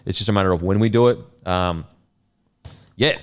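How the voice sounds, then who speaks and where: Young aussie bloke rambling on a podcast, lowish voice, swears a lot, super casual. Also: male voice, moderate pace, smooth. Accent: Australian. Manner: sweary, rambling, laid-back. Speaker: podcast host.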